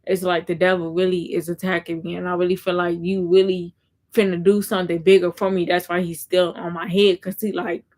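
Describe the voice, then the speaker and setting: A woman's voice: on the low side, level tone, brisk, darkish tone. A woman content creator giving casual faith talk on a live stream, reading viewer comments aloud and answering them earnestly, often repeating herself.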